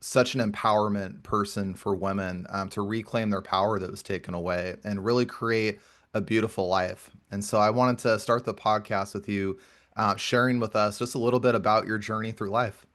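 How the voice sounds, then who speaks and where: A man hosting a podcast, introducing his guest and gently inviting her to share her story. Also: on the low side, fairly even intonation, moderate pace. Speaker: podcast host. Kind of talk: interview introduction.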